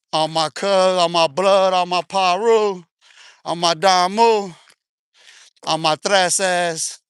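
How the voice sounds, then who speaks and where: A man talks to his livestream while walking outdoors, audibly short of breath from the exercise. His voice sits high and sounds sharp and bright, with a dry, close sound. He teases and needles viewers in loose slang, breaking into laughter again and again. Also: no room sound. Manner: taunting, slangy, laughs often. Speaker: livestream host. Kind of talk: casual live stream talk while walking.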